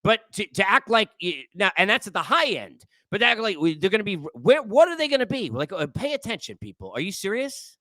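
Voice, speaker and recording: Male sports talk host, high bright voice, exasperated lecturing rant, dry close sound. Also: big pitch swings, a little fast, few pauses, dry recording. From New York area. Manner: exasperated, lecturing, repeats phrases.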